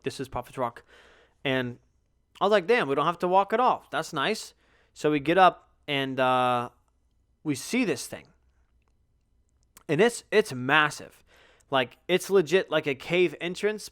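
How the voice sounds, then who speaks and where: A man's voice: a little high, smooth, no room sound, clean studio sound. A young man hosting a podcast, telling a rambling, profanity-heavy story in a casual way. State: yawning, tired. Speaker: podcast host.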